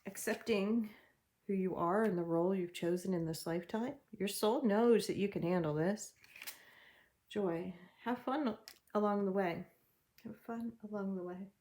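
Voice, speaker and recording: A woman's voice: medium pitch, unhurried, a little mellow. A woman giving a general tarot reading, talking in an encouraging, chatty way and laughing often. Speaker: tarot reader.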